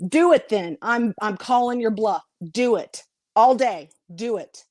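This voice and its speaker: A woman's voice: medium pitch, normal speed, no echo, studio quality. A woman YouTuber ranting to her viewers on her vlog, blunt and confrontational, swearing freely. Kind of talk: heated vlog rant to viewers.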